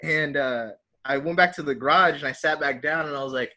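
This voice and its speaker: A young man telling a story in halting, filler-heavy podcast chat. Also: a little high, bright, forceful tone. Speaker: podcast co-host.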